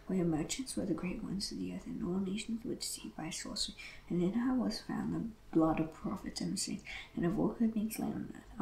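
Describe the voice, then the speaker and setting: Scripture reader, gravelly tone, measured pace, echoey room, faint hiss. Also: medium pitch. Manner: steady, measured reading with occasional restarts. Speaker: Bible reader. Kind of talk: reading scripture aloud.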